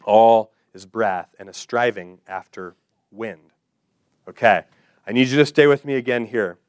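A man's voice: lowish voice, no room sound. Man preaching an emphatic sermon. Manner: emphatic, repeats key phrases slowly; addresses listeners directly with questions. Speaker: pastor. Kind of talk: expository sermon.

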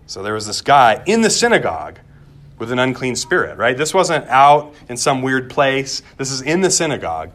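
A man's voice: medium pitch, sing-song, normal speed, a bit bright. Man, pastor, conversational sermon, stumbles over repeated words, rhetorical questions.

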